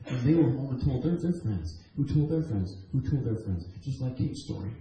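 A man's voice: medium pitch, normal speed. Earnest male preacher in an echoey church. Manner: earnest, animated storytelling with repeated restarts. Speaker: guest preacher. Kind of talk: emotional testimony sermon. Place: church sanctuary.

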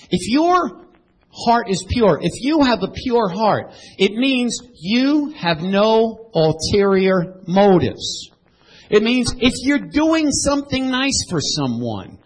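Guy preaching, lively up and down voice, bit raspy, quizzes the crowd. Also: high voice, low-quality recording. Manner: animated, swings from loud to hushed, asks the crowd questions. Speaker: pastor. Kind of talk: sermon.

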